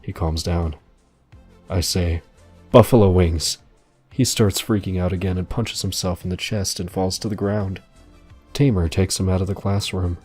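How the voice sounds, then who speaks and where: A man narrating a story in a dry, deadpan delivery. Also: sits low.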